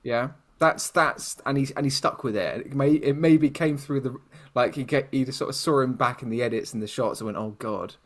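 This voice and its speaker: Rambling, self-mocking British podcast co-host. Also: male voice, medium pitch, fairly quick. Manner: rambling, self-mocking, laughs often, addresses listeners. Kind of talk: casual chat.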